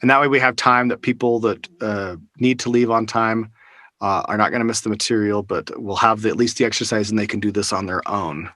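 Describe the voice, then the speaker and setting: A man's voice: on the low side, steady tone, brisk, bright, forceful tone, dry recording, clean studio sound. Man teaching a workshop on a video call. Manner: casual, with frequent fillers and restarts. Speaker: workshop instructor. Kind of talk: live online workshop teaching. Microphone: studio microphone close up, over a video call.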